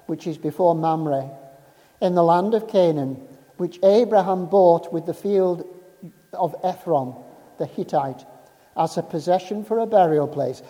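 A man preaching a sermon in a measured, emphatic way, dropping low and soft on key phrases. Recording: reverberant hall.

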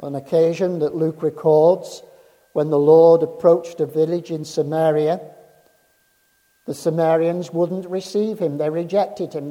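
A man delivers a sermon at a slow, deliberate pace, his voice deep and mellow in tone yet a little higher than most men's. He preaches with measured emphasis and lets his voice sink low and quiet on key phrases. The sound carries a long reverb from the hall around him. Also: fairly even intonation, highs cut off.

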